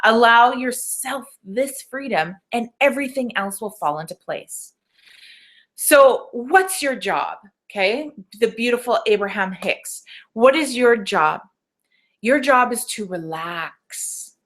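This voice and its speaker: A woman's voice: a little high, expressive, slow, a bit bright. A woman business coach leading a live webinar training, speaking in a motivational way, asking rhetorical questions and often checking in with "okay?".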